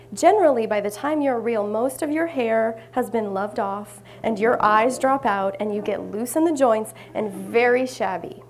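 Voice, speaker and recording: A wise old toy horse from a storybook speaks gently and slowly, put on by a woman retelling the tale. His voice has a gravelly texture and an even, patient warmth, with a faint hiss behind it. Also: fairly high pitch.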